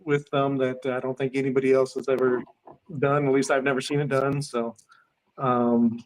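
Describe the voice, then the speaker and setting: A man who is a guest on a podcast, speaking in casual chat about his upcoming detailing products, halting, with many fillers and restarts. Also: medium pitch, flat delivery.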